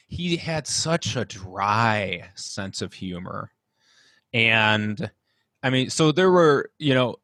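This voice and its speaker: A young man with a Midwestern American accent, a band director recalling his school days in an interview, earnest and halting with frequent restarts. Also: medium pitch, no echo. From United States. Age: young adult. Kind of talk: reflective interview storytelling.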